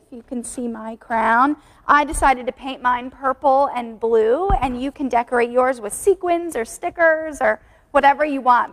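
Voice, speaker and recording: A woman teaching a children's church class, friendly and clear, reading slowly so they can repeat after her. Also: on the high side. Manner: friendly, clear, slow when reading aloud. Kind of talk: teaching children, craft and memory verse.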